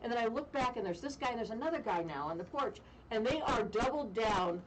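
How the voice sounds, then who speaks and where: A woman radio host telling a funny story in casual chat, animated and self-mocking, with deadpan jokes. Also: on the high side, brisk, far from the mic, noisy background. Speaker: radio talk show host.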